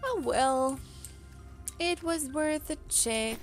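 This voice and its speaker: A fairly high-voiced woman streams a game and talks her way through it at an unhurried pace. She thinks out loud, playful and chatty, tossing remarks to her viewers. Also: faint music behind. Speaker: VTuber streamer. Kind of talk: casual let's-play commentary.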